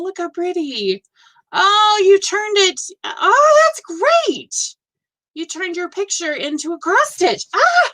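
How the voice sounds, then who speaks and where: A woman in her fifties hosting a casual live stream, gushing warmly over viewers' work with effusive reactions. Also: a little high. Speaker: host of a live stitching show.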